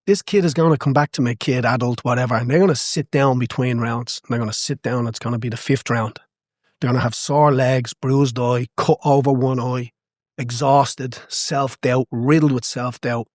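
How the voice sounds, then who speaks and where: A man speaks as a passionate, emphatic guest on a podcast. His voice sits in a middle pitch and comes across dry and close, with no room sound. He keeps repeating key phrases to drive home his points. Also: fairly even intonation, moderate pace, no echo. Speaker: guest, boxing coach and cutman. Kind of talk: conversational podcast interview.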